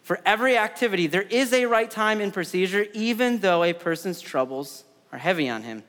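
A man's voice: high-pitched, lively intonation, fairly quick, fairly bright tone, long reverb tail. A man in his thirties preaching a sermon in a conversational way, repeating words and adding side stories. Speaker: pastor.

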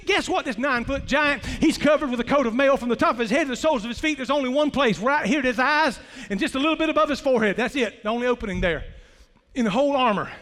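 A man preaching an animated, folksy sermon, telling the story with loud outbursts. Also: very high-pitched, fast. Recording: reverberant hall.

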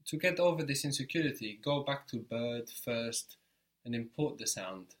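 A man's voice: medium pitch, expressive, normal speed. A man teaching a spoken language lesson, patiently explaining step by step and encouraging his student.

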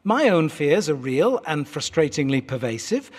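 A man's voice: on the high side, very animated, normal speed. A British man in his fifties preaching an earnest, articulate sermon from a church pulpit, with wry asides. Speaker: pastor. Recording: echoey church hall.

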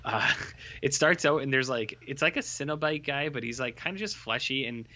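A man in casual podcast chat, rambling through his thoughts with lots of "like" and sardonic asides. His voice sits at an average pitch. The recording is a bit dull and lo-fi. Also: normal speed, bright, forceful tone. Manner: rambling, filler-heavy, sardonic. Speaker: podcast co-host.

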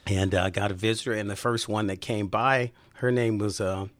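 A man's voice: lowish voice, fairly quick. A middle-aged man, a former police officer, telling folksy stories in a casual chat. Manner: folksy, animated storyteller, acts out voices in quotes. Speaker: retired police officer guest.

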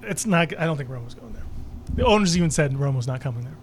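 A man co-hosting a casual sports podcast, laughing often and tossing in quick agreement. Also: on the high side, expressive, slight background noise. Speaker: podcast co-host.

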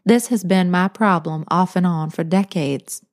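A woman's voice: on the low side, unhurried. Woman doing a teasing old grandmother. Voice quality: soothing, drawling.

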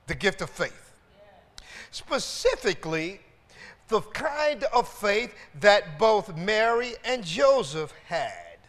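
A high-pitched male pastor preaching to his congregation, calling out hallelujahs and asking the room to answer back. He stumbles over repeated words as he builds his points. His voice rings through the long reverb of a church sanctuary. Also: big pitch swings, slow pace, a bit bright. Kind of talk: sermon.

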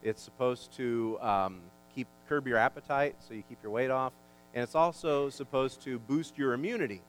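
A male pastor preaching a sermon, building in pitch and volume for emphasis, with folksy asides and jokes. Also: normal speed, poor audio. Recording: faint mains hum.

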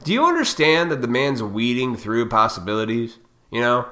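A man with a bright, forceful voice rants straight at his audience. He is blunt and profane, and he lectures them with heated intensity. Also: mid-range voice, big pitch swings, normal speed. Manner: heated, fired up. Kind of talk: ranting monologue to viewers.

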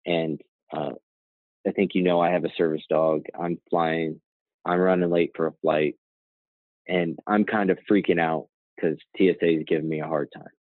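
Heard over a dry, tinny phone-like line with no room sound, a deep-voiced guest tells a story. He is the co-founder and CEO of a nonprofit, and his telling meanders conversationally, full of "you know" and "right?"

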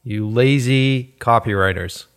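A man's voice: medium pitch, a little slow, clear, resonant tone. A man in his forties co-hosting a podcast, chatting casually in a profane, sarcastic rant. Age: 40s. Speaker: podcast co-host. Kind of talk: casual chat.

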